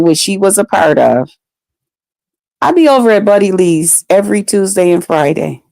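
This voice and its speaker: Slow, profane woman ranting. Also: fairly high pitch, darkish tone, dry recording. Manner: profane, heated, drawn-out delivery. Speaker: vlogger. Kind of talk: casual ranting storytime.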